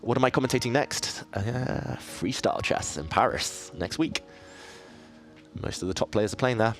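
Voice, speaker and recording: A man's voice: mid-range voice, normal speed, soft background music. A man, from southeast England, streaming his chess games and chatting casually with viewers as he thinks aloud, in a self-deprecating way. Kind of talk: casual live-stream commentary while playing.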